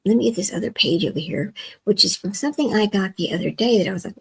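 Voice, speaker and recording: A woman's voice: medium pitch, fast talker, gravelly, breathy edge, low-quality recording. A woman hosting a livestream in a casual chat, talking to herself while she works her screen, often dropping to a near whisper. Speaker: livestream host.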